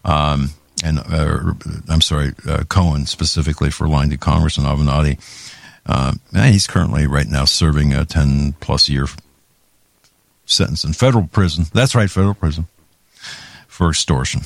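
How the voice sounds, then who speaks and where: A man's voice: very deep voice, normal speed, creaky, no echo. A man hosting a talk show, giving heated political commentary with many restarts and stumbles. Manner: heated, ranting, with frequent restarts.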